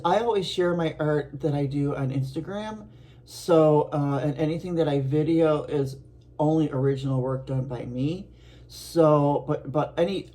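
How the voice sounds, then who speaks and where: A middle-aged woman from Buffalo, New York, chatting casually to her viewers as an art vlogger, rambling along with soft laughs and restarts. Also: deep voice. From Buffalo, New York, USA.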